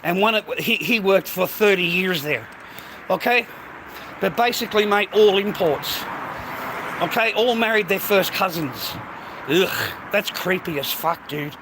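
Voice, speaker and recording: A man with an Australian accent rants and rambles at his phone camera, swearing freely and calling the viewer mate. His voice sits a little high for a man. Steady street and traffic noise runs under the recording. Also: a little slow. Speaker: vlogger. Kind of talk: casual ranting vlog. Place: outdoors on streets and in shops.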